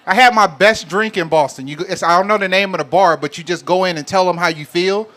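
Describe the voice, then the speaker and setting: A man's voice: sits high, fast talker, bright, forceful tone, some chatter behind. A man from Alabama, hosting a live show and teasing the audience in a casual, joking way. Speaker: host. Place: live event venue with an audience.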